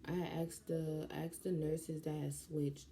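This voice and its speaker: A young woman, telling a story in a casual vlog, animated and slangy. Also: sits low, unhurried, slight background noise. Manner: animated, slangy, jumps into quoted voices. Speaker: vlogger.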